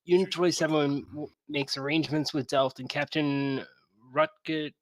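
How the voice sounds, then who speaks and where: A man's voice: on the high side, steady tone, no room sound. Joking man reading a game recap. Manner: joking, quick asides. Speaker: player. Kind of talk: casual chat, reading a session recap.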